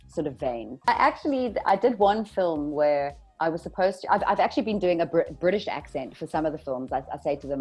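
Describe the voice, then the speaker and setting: A woman's voice: deep voice, darkish tone, husky. A woman with a South African accent, chatting enthusiastically about her life in an interview. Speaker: interviewee, actress and radio presenter. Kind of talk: casual interview chat.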